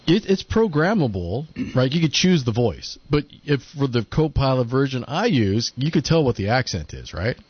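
A man's voice: mid-range voice, big pitch swings, moderate pace, few pauses, husky, no room sound, dull audio. Rambling male talk radio host. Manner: rambling, hesitant. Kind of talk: casual talk radio chat.

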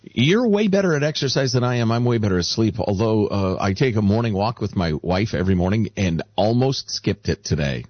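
A man's voice: a little fast, no room sound, dull audio. A middle-aged man co-hosting a radio talk show, joking wryly in casual chat. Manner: wry, joking, very expressive pitch. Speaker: radio co-host.

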